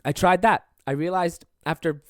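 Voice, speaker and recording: A man's voice: on the high side, steady tone, moderate pace, no echo. Profane rambling young man, dry sound. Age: 20s. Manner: rambling, profane, self-deprecating. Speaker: podcast host and stand-up comedian. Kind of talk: casual solo podcast monologue.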